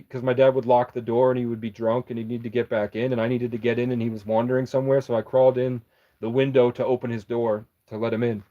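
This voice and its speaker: A man's voice: medium pitch, mellow. A young man telling a story casually, rambling, swearing freely and backtracking to correct himself. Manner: rambling, profane, jumps back to correct himself. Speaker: vlogger. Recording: dull lo-fi recording.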